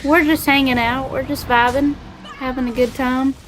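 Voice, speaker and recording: A woman's voice: high-pitched, steady tone, moderate pace, noisy background. Bubbly Southern woman streaming games. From Alabama. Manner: bubbly, chatty, giggly. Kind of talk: casual gaming livestream chat.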